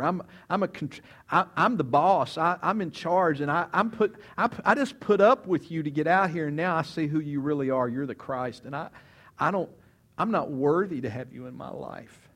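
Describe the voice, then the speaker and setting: A man's voice: on the high side, normal speed, fairly bright tone. A man acting out an impulsive, blunt adult fisherman who blurts out whatever he thinks. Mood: humbled, confessing. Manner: blurting, self-deprecating.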